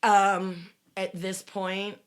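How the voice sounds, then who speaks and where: A middle-aged woman telling a dramatic personal story on a podcast, swearing freely and rising to loud bursts. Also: mid-range voice, flat delivery, very slow, clean tone. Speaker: guest telling her story.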